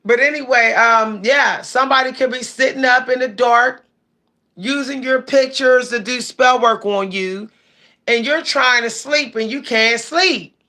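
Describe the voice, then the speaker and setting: A woman's voice: a little high, a little slow, pushed and bright. A woman with hosting a casual livestream, chatting and reading viewer comments aloud. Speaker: livestream host.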